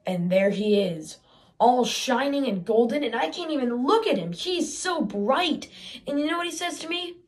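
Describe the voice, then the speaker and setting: A woman's voice: sits high, animated, normal speed. A teenage woman playing an eager, aggrieved boy who brags that the sun is his father, in a chatty stage monologue with sarcastic asides. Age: teens. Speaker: student theater performer.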